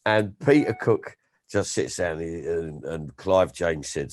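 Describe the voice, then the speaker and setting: Deep-voiced animated male storyteller. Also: takes it slowly. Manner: animated storyteller, slips into impressions. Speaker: comedian and guest. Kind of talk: casual interview chat.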